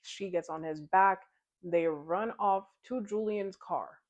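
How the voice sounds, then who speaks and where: A woman's voice: mid-range voice, slow pace, lo-fi sound. A woman casually recapping a novel in a chatty, giggly way, slipping into the characters' lines as she retells the plot. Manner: chatty retelling, slips into quoted dialogue. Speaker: book club vlogger.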